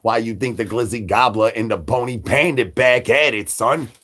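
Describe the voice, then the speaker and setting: A man's voice: medium pitch, normal speed, fairly bright tone, a little hiss or hum. A man hosting a livestream, rambling in a hungry zombie persona with repetitive sing-song catchphrases and crude jokes. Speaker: livestream host.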